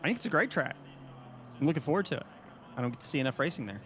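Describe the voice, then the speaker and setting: A man's voice: fairly high pitch, big pitch swings, very fast, a bit bright. Casual male co-caster of a sim race. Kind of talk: sim racing commentary.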